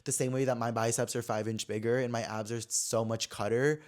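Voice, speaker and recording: Brisk and fairly even in intonation, a mid-range male voice belongs to a podcast host in his twenties sharing a personal story. He chats casually with lots of fillers, alternating between dramatic and subdued stretches.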